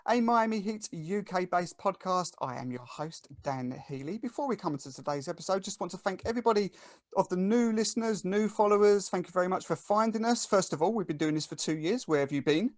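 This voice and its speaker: Essex guy hosting a podcast, chatty, kinda high voice, dead dry mic. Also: animated, fairly quick, no room sound. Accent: Essex English. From England. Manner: chatty, thanks listeners and plugs the show. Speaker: podcast host. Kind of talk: casual chat.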